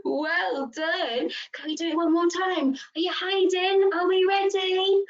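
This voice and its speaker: A young woman leading a rhyme time for small children, sing-song and gasping with excitement. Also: extremely high pitch, slow. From England. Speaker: early years practitioner. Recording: dull lo-fi home video sound.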